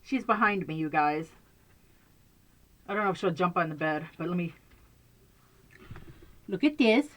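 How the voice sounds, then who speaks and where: A woman's voice: deep voice, moderate pace, pauses often, fairly bright tone. A woman chatting casually to camera from a bedroom at home, rambling and laughing often. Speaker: vlogger.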